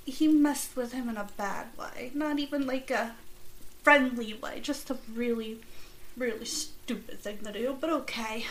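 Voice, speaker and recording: A woman's voice: a little high, a little hiss or hum, rough recording. Chatty, rambling woman podcast host. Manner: rambling and chatty, with jokey asides. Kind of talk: casual chat.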